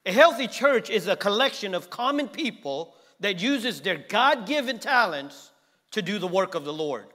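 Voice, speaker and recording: A man's voice: sits high, animated, moderate pace, sharp tone, in a large hall. A man preaching a sermon with an emphatic, repetitive cadence.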